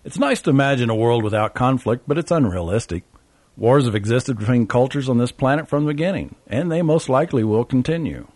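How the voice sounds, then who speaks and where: A man's voice: medium pitch, animated, a little fast, darkish tone, no echo. A man narrating a travel memoir in a wry, sardonic way.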